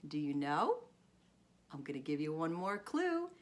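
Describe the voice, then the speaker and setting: A woman speech teacher reading a guessing picture book to young children, animated and encouraging, with gasps and drawn-out words. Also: sits low, a little hiss or hum. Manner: coaxing and encouraging, asking children questions.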